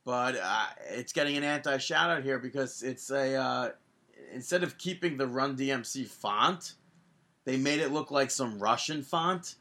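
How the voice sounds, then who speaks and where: A man co-hosting a wrestling podcast, chatting casually and telling stories with lively jumps in pitch when he gets excited. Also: moderate pace. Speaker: podcast co-host.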